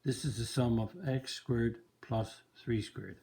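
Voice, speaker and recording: Slow, gravelly-voiced male math teacher. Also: mid-range voice, fairly even intonation, mellow. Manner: slow, repetitive, emphasizing terms. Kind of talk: whiteboard math lesson.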